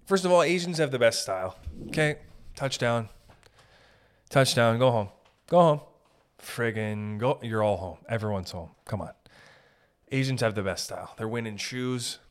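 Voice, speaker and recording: A man's voice: fairly low pitch, normal speed. A young man hosting a podcast, rambling through a comedic monologue, interrupting himself often and swearing casually. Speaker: podcast host.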